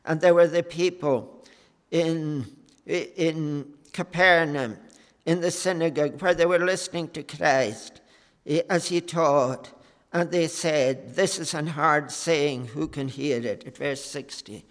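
A man preaching a sermon in an earnest, unhurried way, pausing often with fillers. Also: on the high side, fairly bright tone, big-room sound. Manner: slow, earnest preaching with many pauses and fillers.

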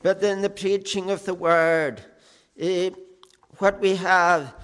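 Slow earnest preacher in a reverberant hall. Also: male voice, high-pitched, fairly even intonation, fairly bright tone, clear, resonant tone. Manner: slow, earnest, with frequent "eh" pauses and fervent "oh" appeals. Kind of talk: sermon.

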